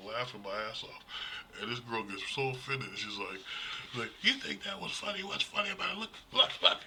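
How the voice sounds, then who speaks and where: A man giving a casual, rambling horror movie review, blunt and quick to laugh, with plenty of fillers. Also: on the low side, background noise.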